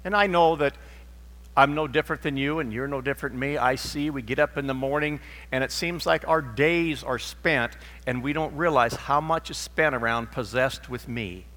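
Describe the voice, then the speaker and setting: A middle-aged man preaches in a church sanctuary, his tone bright and forceful. He tells stories and acts out their dialogue. A long reverb from the large hall hangs behind his voice. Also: mid-range voice, normal speed. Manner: storytelling, acts out dialogue in quotes. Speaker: pastor. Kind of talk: sermon.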